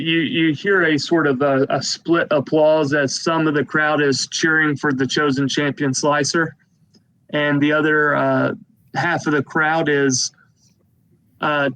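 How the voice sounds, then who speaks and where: A man's voice: a little high, fairly bright tone, poor audio. A man narrating a tabletop game as game master, describing the scene in a rambling way with many fillers.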